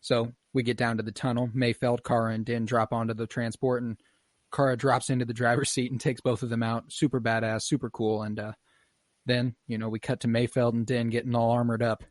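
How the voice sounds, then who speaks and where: A young man hosts a casual podcast and walks through scenes one by one, dropping into short quoted lines as he goes. His voice sits at an ordinary pitch. He is recorded close and dry, with no room sound. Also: dry recording. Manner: relaxed, profane, retells scenes with quick quoted voices. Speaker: podcast host. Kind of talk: casual podcast chat recapping a show.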